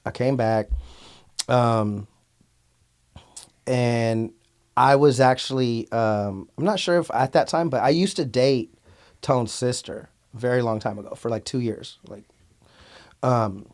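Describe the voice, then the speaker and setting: A man's voice: mid-range voice, slow pace, long pauses, a little mellow. Outspoken bay area guy telling stories, cusses a lot, lots of ums. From Antioch, California. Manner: outspoken, blunt, swears freely, many fillers. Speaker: rapper and podcast guest. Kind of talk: casual storytelling interview.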